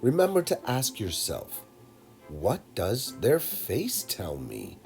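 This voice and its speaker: A man narrating a lesson for children, talking slowly and deliberately and addressing the kids directly. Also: lowish voice, wildly swooping pitch, vocal fry, a little mellow, soft background music. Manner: slow, deliberate, talks straight to kids. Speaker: teacher.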